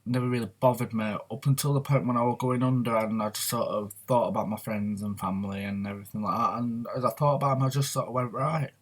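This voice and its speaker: A man's voice: mid-range voice, steady tone, fast talker, hardly any pauses. A man talking openly in a rambling, confessional way on his personal vlog. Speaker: vlogger. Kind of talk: candid personal vlog talk.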